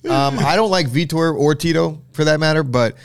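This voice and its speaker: A man's voice: fairly high pitch, moderate pace, clear, resonant tone, dry recording. A man hosting a casual podcast chat, joking and swearing freely. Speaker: podcast host.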